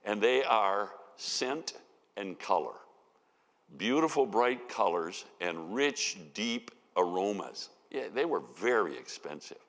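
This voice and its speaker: A man's voice: on the low side, expressive, slow, a bit bright. A man giving a conversational sermon as a Bible teacher, telling the story with folksy asides. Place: church sanctuary. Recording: long reverb of a church hall.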